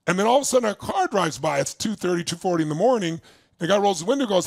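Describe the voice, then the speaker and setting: A man giving a motivational talk to a live audience, telling his life story in a gravelly voice and now and then shouting to rouse the crowd. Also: high-pitched, sing-song, fast talker, no room sound. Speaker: motivational speaker.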